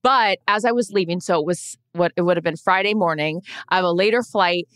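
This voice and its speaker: A woman with a somewhat low, smooth and clear voice tells a long story in casual podcast chat. She is chatty and full of asides. The sound is dry and close. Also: a little fast, a bit bright, no room sound. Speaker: podcast co-host.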